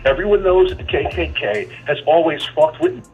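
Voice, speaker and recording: A man's voice: a little high, moderate pace, phone-quality sound, faint music behind. A man calling into a radio show who keeps pressing and challenging the host in a debate.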